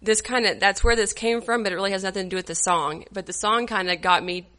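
A woman, leading a church devotional, tearful and halting, with many fillers. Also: medium pitch, pushed and bright. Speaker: women's church group leader.

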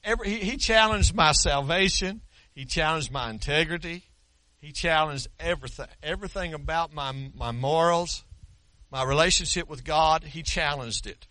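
Brief: pastor in his 60s, forceful, folksy sermon, dry close sound. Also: on the high side, normal speed, no echo. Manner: folksy storytelling with humor.

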